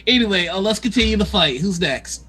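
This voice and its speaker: A woman's voice: mid-range voice, animated, a bit bright, slightly rough. A woman running a tabletop game as game master, laughing often between lines. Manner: laughs often, drawn-out delivery. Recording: faint music behind.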